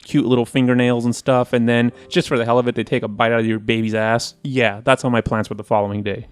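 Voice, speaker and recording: A man co-hosting a casual podcast, telling stories in an animated, profane way and acting out his own quotes. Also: medium pitch, fast talker, smooth, dry recording, studio quality. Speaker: podcast co-host, wine presenter. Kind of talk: casual chat.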